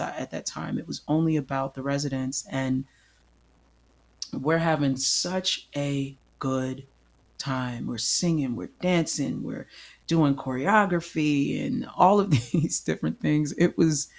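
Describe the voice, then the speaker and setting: A man's voice: a little high, gravelly. A man hosting a solo podcast, telling a personal story in an earnest way and repeating phrases for emphasis. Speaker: podcast host.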